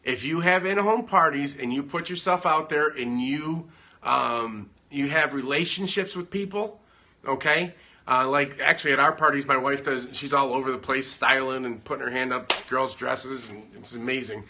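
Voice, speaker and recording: Chatty man with a bright voice. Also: mid-range voice, normal speed. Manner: rambling, self-interrupting, joking. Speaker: business owner giving advice. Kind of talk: casual livestream chat. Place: at home.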